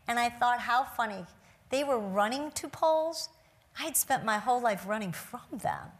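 A woman's voice: on the high side, expressive, moderate pace. A woman giving a talk to a live audience from a stage, telling a personal story in an earnest, reflective way. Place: stage before a seated audience.

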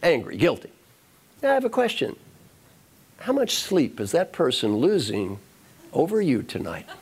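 A man's voice: fairly high pitch, wildly swooping pitch, normal speed, husky. Male motivational speaker, coaxing, repeats lines, addresses crowd. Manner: repetitive, coaxing, addresses audience directly. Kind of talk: motivational talk to an audience.

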